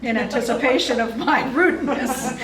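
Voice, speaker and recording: A woman dog training instructor explaining exercises in a friendly, easygoing way, chuckling often. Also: high-pitched. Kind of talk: instructional seminar talk. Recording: roomy, distant mic.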